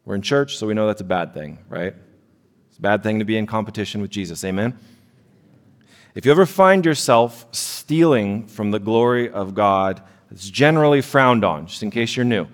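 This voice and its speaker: Conversational pastor preaching in an echoing hall. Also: male voice, fairly low pitch, animated, normal speed. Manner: conversational, self-deprecating, frequent "right?" asides. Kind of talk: sermon. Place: church sanctuary. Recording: long hall reverb.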